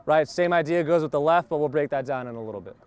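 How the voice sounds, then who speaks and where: A man's voice: a little high, fast, a little mellow, a little hiss or hum. A man teaching snare drum technique to a group and often checking that they understand. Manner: explains step by step, keeps checking understanding. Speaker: drum instructor. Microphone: wireless lavalier mic.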